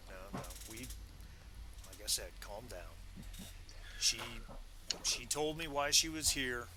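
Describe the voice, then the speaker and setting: A man voicing a shrewd older male colony leader with a gravelly voice and a calm, measured way of speaking. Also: medium pitch, background noise.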